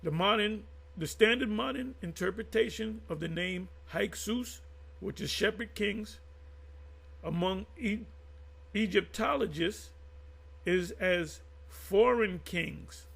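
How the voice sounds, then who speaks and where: Man, raised pitch, raspy and creaky, casual vlog commentary, halting restarts, reads aloud from sources. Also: fairly bright tone. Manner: rambling, halting, with frequent restarts and asides; emphatic, addressing viewers directly. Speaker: channel host teaching Bible history.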